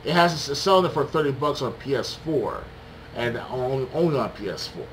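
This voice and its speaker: A young man co-hosting a casual gaming podcast, talking excitedly and acting out reactions. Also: mid-range voice, brisk, rough recording. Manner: animated, excitable, acts out reactions. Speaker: podcast co-host. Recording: faint background noise.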